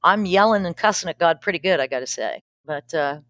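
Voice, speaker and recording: A middle-aged woman with a fairly low voice tells a personal story with frankness and a dry, wry humor. Her speech is plain and direct. The recording is close and dry, with no room sound. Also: expressive, a little fast, fairly bright tone, no room sound. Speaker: pastor, guest. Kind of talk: candid personal storytelling in a podcast interview.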